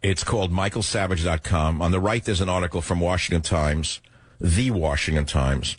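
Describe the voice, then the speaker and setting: An older man hosting a radio talk show, ranting sarcastically through an opinionated monologue with a husky voice. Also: sits low, moderate pace, dry recording.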